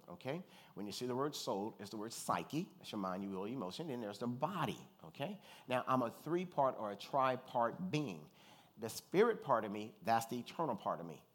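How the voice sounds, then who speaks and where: A man from Louisiana preaches a relaxed, conversational sermon at a middle pitch. He tells stories with humor and keeps checking in with his listeners. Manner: animated storyteller, joking asides, calls for congregation response. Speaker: pastor.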